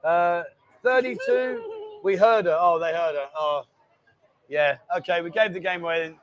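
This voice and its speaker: A man's voice: high voice, big pitch swings, normal speed, highs cut off. A man, hosting a casual live stream and bantering as he reads out viewer comments. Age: 50s. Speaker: host.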